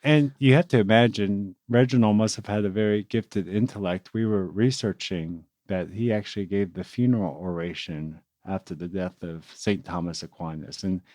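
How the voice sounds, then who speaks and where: A man's voice: low voice, warm tone, no echo. A man, a diocesan priest, co-hosting a podcast and reflecting earnestly on a saint, with small restarts. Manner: earnest, reflective, with repeated words. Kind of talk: casual podcast chat.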